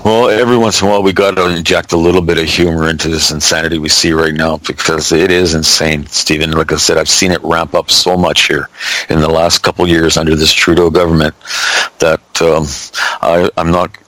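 A man's voice: extremely low pitch, level tone, fairly quick, fairly bright tone, no room sound, poor audio. A man in his sixties hosting a casual call-in talk show, folksy and blunt, calling his guest buddy. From Canada. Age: 60s.

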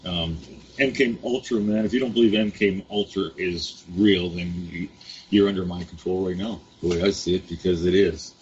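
A very deep-voiced co-host who talks in an easygoing, folksy and encouraging way. His audio is muffled and low-fidelity, with a faint hiss of background noise. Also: fairly even intonation, normal speed, darkish tone. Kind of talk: casual podcast talk.

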